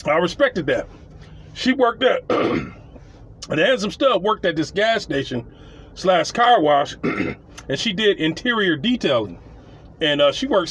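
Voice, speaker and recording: A man's voice: high-pitched, fairly bright tone, breathy edge. A man telling a story about his tenants, blunt and profane, rambling and repeating himself. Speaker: landlord telling tenant stories. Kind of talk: casual storytelling.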